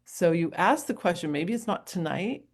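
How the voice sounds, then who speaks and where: A middle-aged woman from New Hampshire talks to camera as a coach in a loose, rambling way. Her voice sits a little low for a woman. She laughs easily and drifts between advice and stories. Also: lively intonation, moderate pace. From New Hampshire, USA. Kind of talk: casual motivational talk to camera.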